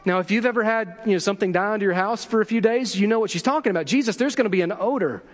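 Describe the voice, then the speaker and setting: High-voiced preacher in a reverberant hall. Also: male voice, rapid-fire. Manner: storytelling preacher, acts out quotes, asks the congregation questions. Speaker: pastor. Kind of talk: sermon.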